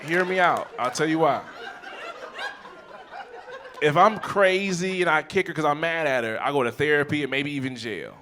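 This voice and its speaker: A man's voice: a little high, moderate pace, pauses often, a crowd in the background, background noise. A man in his forties doing live stand-up, telling a profane family story and acting out the people in it. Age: 40s. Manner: animated, profane, acts out scenes in quoted voices. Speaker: stand-up comedian. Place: comedy theater stage.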